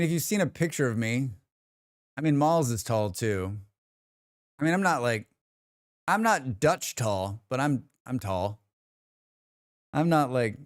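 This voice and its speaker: A man's voice: medium pitch, dry recording, clean studio sound. A man with an American accent, chatting casually on a live stream, rambling and reading his chat aloud. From United States.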